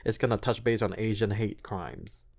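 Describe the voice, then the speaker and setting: A man with a slightly low voice and a light non-native accent talks as an interview guest. He is earnest and expressive, and he often stumbles and restarts his phrases. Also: normal speed. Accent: light non-native accent in his English. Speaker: guest, recording artist and actor. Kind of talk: casual interview chat.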